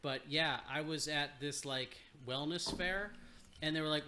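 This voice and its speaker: A man's voice: a little high, moderate pace, bright, forceful tone, a little hiss or hum. A man co-hosting a podcast, telling crude stories and acting out other people's voices in casual banter. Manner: crude joking storyteller, acts out voices. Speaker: podcast co-host.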